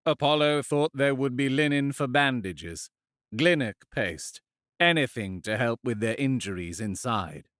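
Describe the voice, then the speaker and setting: A man narrating a fantasy audiobook in a measured, expressive storytelling manner, on a close studio mic. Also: mid-range voice, no echo.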